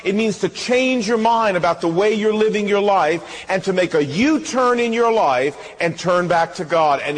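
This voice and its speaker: A man preaching a sermon as pastor, with emphatic rhetorical questions and lively acted-out anecdotes. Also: sits high, a little hiss or hum. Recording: long hall reverb.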